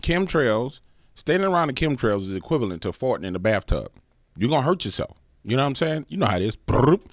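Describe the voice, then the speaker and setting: A man's voice: medium pitch, very animated, fast, no echo, studio quality. A man hosting a reaction channel, joking in slangy comedic commentary.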